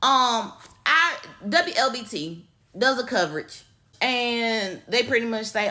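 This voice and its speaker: A woman's voice: a little high, slow pace. A woman with a Mississippi Southern accent giving a blunt, profane, casual rant to her viewers. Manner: blunt, profane, lively storytelling. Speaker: social media commentator.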